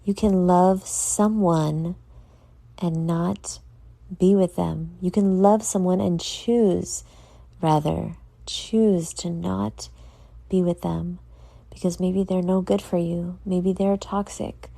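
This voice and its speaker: Tired woman with a gravelly, low voice. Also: fairly even intonation, takes it slowly, mellow, no room sound. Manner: earnest, motivational, addresses listeners directly. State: tired, yawning. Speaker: podcast host. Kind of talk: casual solo podcast talk.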